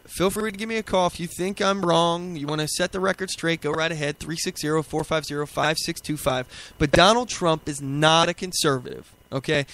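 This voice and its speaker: A man's voice: sits high, fairly bright tone. A young man hosting a political talk radio show, ranting emphatically in a plainspoken way with fillers.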